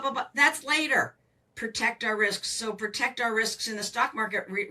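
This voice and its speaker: An older woman, a financial coach, explaining with emphatic, animated delivery as a podcast guest. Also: a little high. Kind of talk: podcast interview. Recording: voice distant from the mic.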